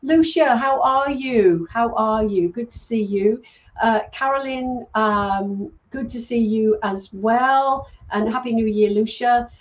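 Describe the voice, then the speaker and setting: Speaking slowly in a voice on the high side, with the upper frequencies cut off, this psychic medium reads live comments on her casual stream. She's a middle-aged Brit, English-born and Welsh-raised, chatty and warm in her thanks, with frequent ums.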